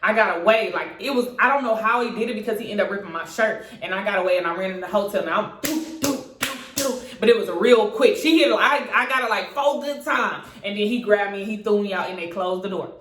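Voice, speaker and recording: A young woman telling a story to her camera in a casual, lively way. She swears freely and jumps high in pitch when she acts out what others said. The room around her sounds roomy and echoey, with a middle-pitched voice. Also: quick pace, few pauses.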